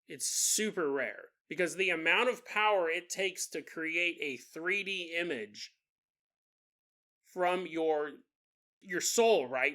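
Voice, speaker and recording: Bright-voiced man telling a ghost story. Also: high voice. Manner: animated, jokey, mimics people in quotes. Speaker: podcast host. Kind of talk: casual storytelling podcast.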